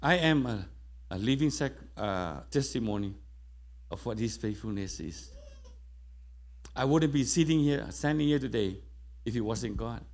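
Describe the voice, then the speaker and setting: A man's voice: mid-range voice, expressive, a little slow, long pauses. A middle-aged man preaching a sermon, telling a personal testimony with quoted dialogue, in slightly broken English in a church. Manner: non-native grammar, storytelling with quoted dialogue.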